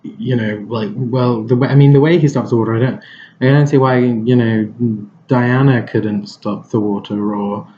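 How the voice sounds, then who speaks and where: A man's voice: medium pitch, steady tone, moderate pace, mellow, muffled recording, a little hiss or hum. A man giving a casual film review, rambling and hesitant, with lots of fillers and restarts.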